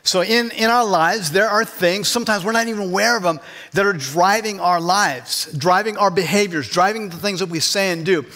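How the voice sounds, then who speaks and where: A man's voice: high voice, moderate pace, bright, forceful tone. A man, a pastor, preaching a conversational sermon and putting questions to his congregation in church.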